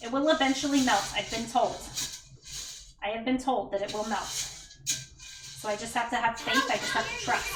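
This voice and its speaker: A mother livestreaming from her home kitchen cooks and chats casually, thanking viewers by name between self-deprecating asides. She speaks at normal speed in a slightly high voice, recorded from a distance, a bit off-mic, in an echoey room with a noisy background.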